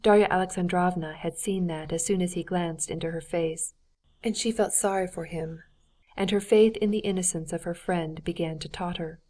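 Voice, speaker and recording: A woman narrating a classic novel as an audiobook in a steady, even reading voice. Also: fairly low pitch, normal speed. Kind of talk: scripted narration.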